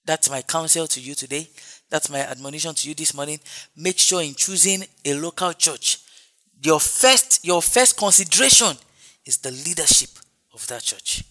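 A man's voice: on the high side, normal speed, sharp tone. A man preaching a sermon as pastor, with an emphatic, repetitive cadence and frequent exclamations.

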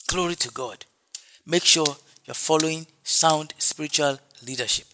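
A man's voice: fairly high pitch, measured pace, pauses often, sharp tone. A man preaching a sermon as pastor, with an emphatic, repetitive cadence and frequent exclamations.

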